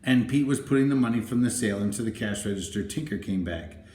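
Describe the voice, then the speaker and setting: A man narrating a children's storybook in a gentle, even reading voice. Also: lowish voice, quick pace. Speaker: audiobook narrator. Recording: roomy, echoey room.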